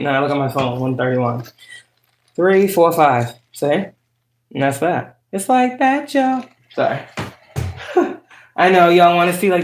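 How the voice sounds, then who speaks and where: A woman's voice: sits low, animated, measured pace, long pauses, slight background noise. A woman tarot reader chatting casually to her viewers, outspoken and profane. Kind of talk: casual tarot reading chat. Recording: roomy echo.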